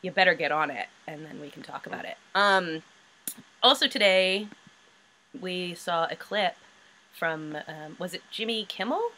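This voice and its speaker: A young woman in her twenties co-hosting a casual podcast chat, chatty and quick to laugh. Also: fairly low pitch, sharp tone, low-quality recording. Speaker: podcast co-host.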